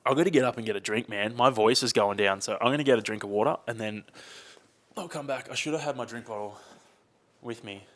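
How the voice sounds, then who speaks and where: A man's voice: mid-range voice, fast talker. A young man, chatting casually and rambling on his own podcast. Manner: rambling, chatty, uses slang like mate and dude. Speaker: podcast host. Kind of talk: casual solo podcast chat.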